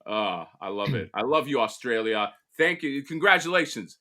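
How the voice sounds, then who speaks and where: A man co-hosting a casual podcast, excitable, swearing and laughing often. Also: mid-range voice, normal speed. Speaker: co-host.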